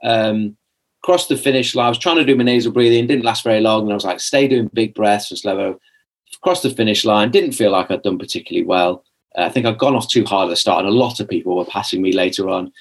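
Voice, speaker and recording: A young man guesting on a podcast rambles through a personal story in a low-leaning voice, talking fast. He's chatty, restarts constantly, leans on "like," and acts out things he said back then.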